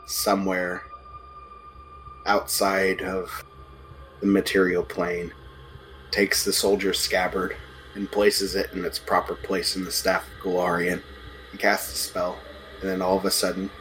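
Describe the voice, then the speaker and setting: A man narrating a tabletop role-playing game as game master, in a measured way that drops to a whisper at times. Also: deep voice.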